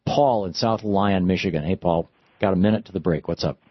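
A man's voice: low-pitched, brisk, husky, no room sound, dull audio. A man hosting a call-in radio talk show, speaking in an opinionated, reflective way to his callers.

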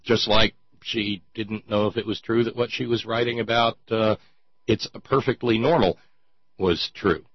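Husky-voiced man mocking the news. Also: on the low side, steady tone, normal speed, no echo. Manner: mocking, reads quotes aloud in a raised voice. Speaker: podcast host. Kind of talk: sarcastic political commentary. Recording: dull lo-fi sound, dry.

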